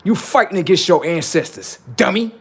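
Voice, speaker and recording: In a profane, confrontational political tirade, a livestream host taunts the people listening. His husky, high voice is expressive and moves at a normal speed.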